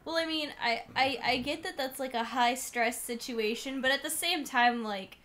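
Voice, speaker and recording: A woman's voice: sits high, moderate pace, a bit bright. A woman co-hosting a casual podcast, mostly giving short reactions and asking skeptical questions. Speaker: podcast co-host. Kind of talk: casual chat.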